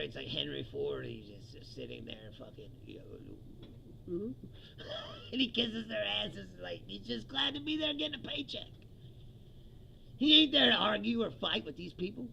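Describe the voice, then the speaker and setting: A man's voice: fairly high pitch, sing-song, normal speed, vocal fry, pushed and bright, muffled recording, slight background noise. A man from the United States hosting his own comedy show, ranting angrily and profanely about the news and laughing often.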